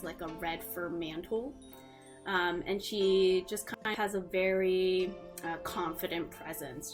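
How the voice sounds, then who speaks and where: Woman game master, casual rambling scene narration, faint music behind. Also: fairly low pitch. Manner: casual, many fillers.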